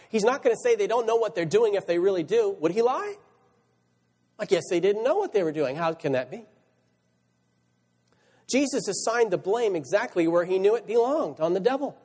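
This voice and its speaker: Male pastor, high animated delivery, reads verses and asks rhetorical questions, reverberant church recording. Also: breathy edge. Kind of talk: sermon. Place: church sanctuary.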